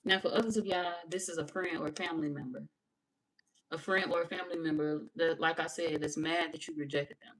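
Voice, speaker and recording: Brash woman tarot reader, lower voice, cussing and laughing through a live reading. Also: fairly quick, slight background noise, poor audio. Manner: brash, profane, animated, laughing.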